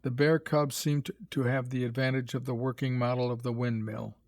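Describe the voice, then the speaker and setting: Brief: male narrator for a graded reader, mid pitch, dry and close. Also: no room sound. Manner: measured, even storytelling.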